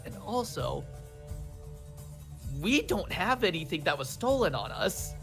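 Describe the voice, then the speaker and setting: A player at a tabletop game speaks slowly and casually, quick to joke. Faint music runs behind the talk. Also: medium pitch. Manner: excited, joking.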